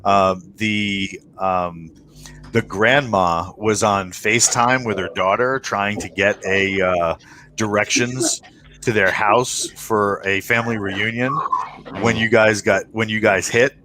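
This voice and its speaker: A man's voice: fairly low pitch, steady tone, slow, a crowd in the background. A man narrating a tabletop game as game master on a live stream, rambling with many fillers and restarts.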